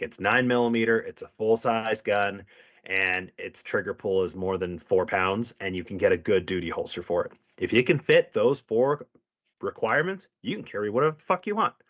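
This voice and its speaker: Low-voiced profane man telling cop stories. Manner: profane, animated, acts out quoted people. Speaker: podcast co-host, police officer. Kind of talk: casual storytelling chat. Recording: dull lo-fi audio.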